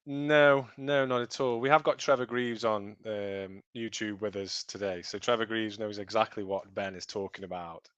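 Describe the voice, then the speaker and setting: A man's voice: lowish voice, steady tone, normal speed, hardly any pauses, fairly bright tone, clean tone, no echo. A man co-hosting a live podcast, rambling and laughing easily in casual chat. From Stoke-on-Trent, England. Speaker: podcast co-host. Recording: dull lo-fi dry sound.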